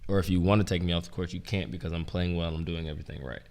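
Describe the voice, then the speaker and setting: A young man, a former college basketball player and coach, telling stories in a relaxed, rambling way, full of "like" and "um". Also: sits low, rapid-fire. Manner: relaxed, rambling, heavy use of "like" and "um". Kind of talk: casual storytelling interview. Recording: roomy with long reverb.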